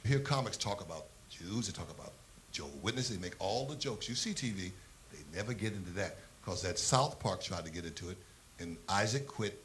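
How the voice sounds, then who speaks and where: A man's voice: mid-range voice, vocal fry. A man doing a stand-up comedy set, telling blunt, profane, provocative stories.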